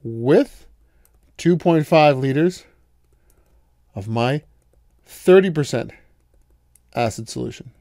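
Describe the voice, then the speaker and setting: A male math lecturer walks through a problem at a patient, steady pace, pausing to quiz his students. His voice sits at an ordinary middle pitch. The recording is dry and close, with no room sound. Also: creaky, no room sound. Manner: patient, explains step by step with questions to students.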